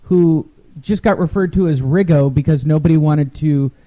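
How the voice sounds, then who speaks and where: A man's voice: fairly high pitch, moderate pace, mellow. A man co-hosting a casual sports talk show, recapping fights in a wry, rambling way. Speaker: podcast co-host.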